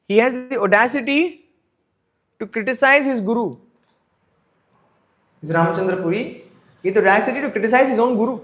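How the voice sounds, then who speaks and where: Brief: emphatic male scripture teacher, high voice, echoey room. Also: fairly quick, long pauses, a bit bright. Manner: emphatic, repeating points, asks listeners "right?". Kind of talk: devotional scripture class.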